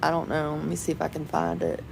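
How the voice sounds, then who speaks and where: A woman's voice: low voice, flat delivery, fast talker, vocal fry, background noise. A woman, rambling chattily and laughing often in a personal home vlog. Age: 40s. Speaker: vlogger. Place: at home indoors.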